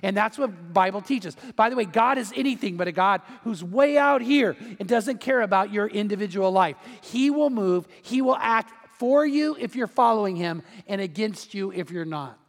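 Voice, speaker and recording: A man's voice: sits high, lively intonation, moderate pace, few pauses. A middle-aged male pastor preaching a sermon in a conversational way, acting out quotes and family stories. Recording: long hall reverb.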